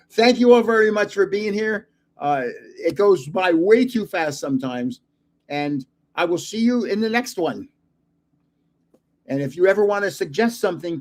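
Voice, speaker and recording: An older man, a grandfather hosting his own channel, chatting casually and telling rambling stories with plenty of pauses. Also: fairly high pitch. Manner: rambling storyteller with fillers. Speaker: host of a card channel. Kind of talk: casual livestream chat.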